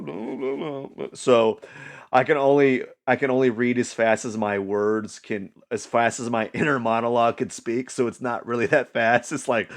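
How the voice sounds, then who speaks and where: A man's voice: lowish voice, creaky. A man vlogging in a loose, rambling way, full of fillers and restarts, amused by his own jokes. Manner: mocks others in silly put-on voices. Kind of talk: casual rambling vlog.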